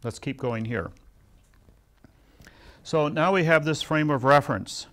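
A man's voice: on the high side, a little slow, a bit bright. An older man giving a seminary lecture in a conversational way, telling personal stories with self-deprecating humor. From United States.

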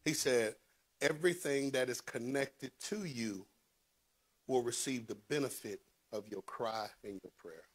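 A man preaching a sermon, swinging between loud rises and low hushed asides. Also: unhurried, husky. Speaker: pastor.

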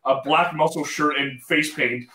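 A man with a slightly high voice tells a story bluntly, swearing now and then. He sits back from the mic, so he sounds distant and roomy. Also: steady tone, a little slow, pushed and bright, slight background noise. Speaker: band member guest. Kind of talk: casual storytelling.

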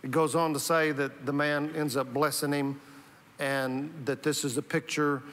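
Man, pastor, conversational sermon, fairly high voice, long church reverb. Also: little pitch movement, a little slow, a bit bright. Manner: conversational, often restarts and repeats words. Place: church sanctuary.

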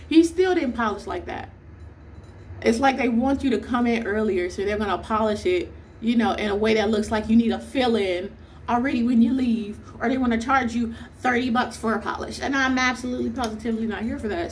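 A woman's voice: a little high, a little hiss or hum. A young woman vlogger telling a story as a casual rant, exasperated and emphatic, firing off rhetorical questions.

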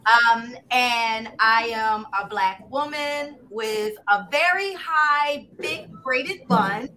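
A woman's voice: a little high, animated, drawn-out words, bright, forceful tone, a little hiss or hum. A woman in her thirties with a Philadelphia accent, telling her story as an interview guest in a candid, easygoing way and laughing easily. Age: 30s. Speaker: guest, producer and director.

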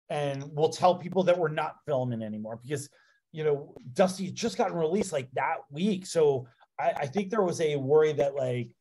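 A man with a somewhat high voice tells wrestling-era stories in a loose, animated way. He strings his thoughts together with frequent filler words, giving the talk a casual, conversational flow. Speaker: interview guest, pro wrestler. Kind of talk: casual anecdotal storytelling.

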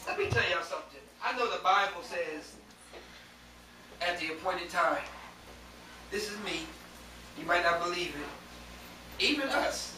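A man preaching a sermon to a congregation that answers him, rising at times to shouts. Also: high-pitched, lively intonation, unhurried, long pauses. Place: church. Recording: echoey church, distant mic, faint hiss.

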